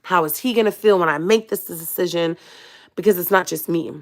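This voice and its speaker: A woman's voice: on the low side, fairly quick. A young woman telling a personal story on a livestream, emotional and confiding, speaking straight to her viewers. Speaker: vlogger on a live stream.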